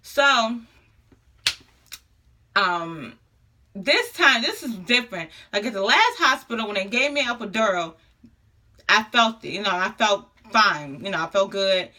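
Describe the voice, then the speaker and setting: Bright-voiced woman telling a story, laughing. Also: medium pitch, measured pace, pauses often. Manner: animated, laughing, slangy casual talk. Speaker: vlogger. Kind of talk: casual storytelling to camera.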